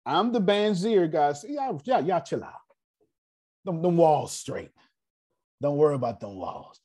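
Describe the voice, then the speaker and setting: A man leading a class in a casual, animated way, telling stories and talking straight to his audience. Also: a little high, a little slow. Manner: animated, digressive, addresses the audience directly. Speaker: class leader. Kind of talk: casual teaching and storytelling.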